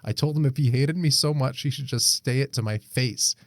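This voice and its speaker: Swearing podcast co-host. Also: male voice, medium pitch, a little fast, dry recording. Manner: swears freely, laughs often, acts out quoted lines. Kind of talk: casual chat, reading a Reddit post aloud.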